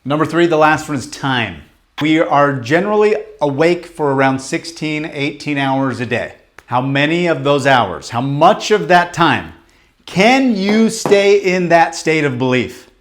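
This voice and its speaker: A man coaching a live group in a motivational workshop, talking bluntly and emphatically, with casual swearing and rapid questions to the room. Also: a little high, lively intonation. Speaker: business coach leading a training.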